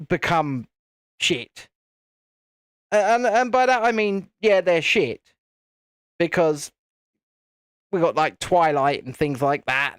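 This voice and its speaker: Lively, chatty man. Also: high voice, smooth, no echo, studio quality. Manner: chatty, rambling, swears casually. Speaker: channel host. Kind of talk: casual live-stream chat while building.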